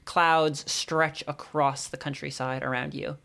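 A man narrating as game master of a tabletop game, describing scenes with loose, relaxed hesitations. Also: fairly high pitch, a little slow, gravelly.

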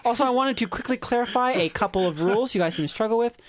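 A man's voice: very high voice, animated, racing, no echo. A man hosting a tabletop-game podcast and running its game, reading listener letters aloud with asides and restarts on a close mic. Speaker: podcast host and game master. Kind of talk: reading listener mail, casual chat.

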